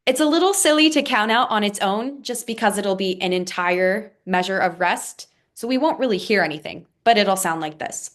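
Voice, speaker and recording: A woman's voice: mid-range voice, lively intonation, normal speed, hardly any pauses, fairly bright tone. A woman teaching a music lesson, patiently explaining rhythms and counting them out aloud.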